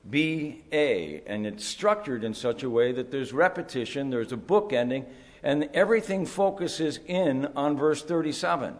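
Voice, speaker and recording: A male pastor preaching a sermon at a conference, explaining scripture deliberately and building to emphatic rises. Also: mid-range voice. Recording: long hall reverb.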